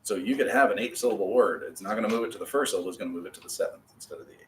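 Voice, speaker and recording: A man with a low voice leads a classroom lesson. He spells words letter by letter and laughs at his own slips. The room is echoey, with a faint hiss. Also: rapid-fire, recorded from a distance. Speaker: Hebrew teacher. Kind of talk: patient classroom instruction.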